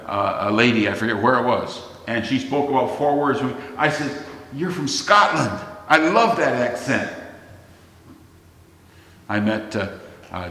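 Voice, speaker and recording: A man's voice: fairly low pitch, pushed and bright. A man from the United States with an American accent, preaching a sermon conversationally and asking the congregation questions. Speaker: pastor. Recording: echoey long reverb of a church hall.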